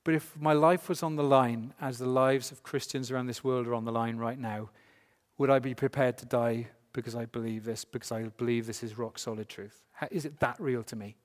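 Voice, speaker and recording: A man's voice: mid-range voice, fairly even intonation, a little fast. A man preaching a sermon to a congregation, emphatic and full of rhetorical questions. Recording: long hall reverb.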